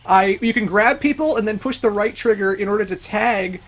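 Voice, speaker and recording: Casual game commentator, mid-pitched voice, easygoing and chatty, soft music under it. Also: brisk. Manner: laid-back, chatty, laughs often, swears casually. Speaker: let's play host.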